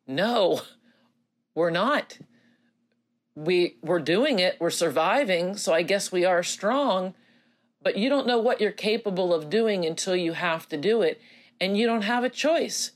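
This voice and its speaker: A middle-aged woman speaking earnestly as a grieving mother to others who have lost children, halting and close to tears, with many pauses and fillers. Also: fairly low pitch. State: emotional, near tears. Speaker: bereaved mother addressing grieving parents. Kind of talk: personal video message.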